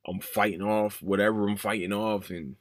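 A podcast host in his 30s shares an emotional personal story, rambling and repeating himself in a casual solo monologue. His lowish voice keeps fairly even intonation at normal speed, and the clean studio recording has no room sound.

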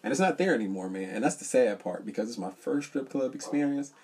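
A man co-hosting a podcast, telling stories in an animated, joking way. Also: mid-range voice, fast, husky. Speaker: podcast co-host. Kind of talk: casual chat.

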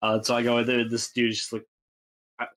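Speaking fast and monotone in a medium-pitched, fairly bright voice, this young podcast co-host meanders through a funny story. He leans heavily on fillers and does voices for the characters in his casual, comedic anecdotes.

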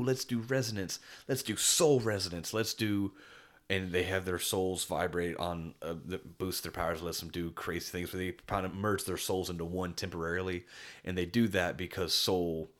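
Male podcast co-host, very low voice, rambling enthusiastic chat. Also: a bit bright. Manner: rambling, enthusiastic, many restarts and fillers. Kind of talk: casual chat.

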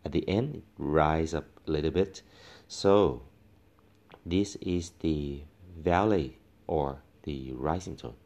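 Very deep, slow-talking male teacher. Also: a little mellow, lo-fi sound. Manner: patient, demonstrates sounds by repeating them. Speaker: language teacher. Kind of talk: tone pronunciation lesson.

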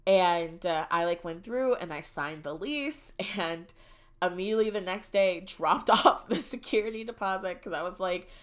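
A young woman hosting a podcast, telling a personal story in a casual, animated and dramatic way. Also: on the low side, normal speed. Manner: animated and dramatic, shrieks when reliving moments. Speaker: podcast host.

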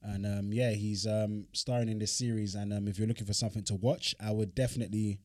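A man's voice: lowish voice, flat delivery, fast talker, darkish tone, no echo, clean studio sound. A man, co-hosting a podcast, telling a story in casual, slangy chat, with bursts of laughter. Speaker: podcast co-host.

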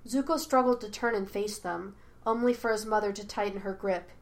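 Woman, audiobook narrator, fan fiction, measured, expressive, medium pitch. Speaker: podfic reader.

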